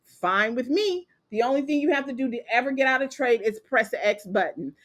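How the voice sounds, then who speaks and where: A woman's voice: a little high, animated, fairly quick, fairly bright tone. A woman teaching a live online trading class, walking viewers through steps and checking in with "okay?" and "capiche?" as she goes. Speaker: trading instructor.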